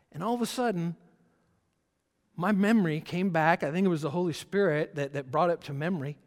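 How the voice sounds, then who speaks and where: A male pastor, a little high-pitched for a man, tells a sermon story in an easy, conversational way. He stumbles through restarts and fillers. His voice carries a long reverb, as if recorded in a church sanctuary. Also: expressive, a little fast.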